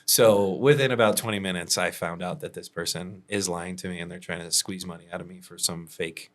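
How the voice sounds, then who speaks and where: Male contractor, podcast host, very deep voice, relaxed storyteller who chuckles often. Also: brisk. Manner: laid-back, chuckles often, many fillers.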